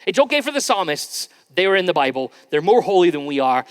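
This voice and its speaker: High-voiced pastor in a reverberant church. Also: male voice, very animated, fast talker, few pauses. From Scotland. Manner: conversational, informal preaching with frequent restarts. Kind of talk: sermon. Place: church sanctuary. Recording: long reverb in a large church hall.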